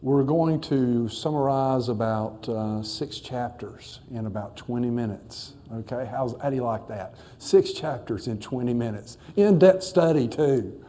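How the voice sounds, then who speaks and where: A man's voice: mid-range voice, measured pace, hardly any pauses, mellow. A man teaching a casual Bible study lesson, talking to listeners in a conversational way with wry asides.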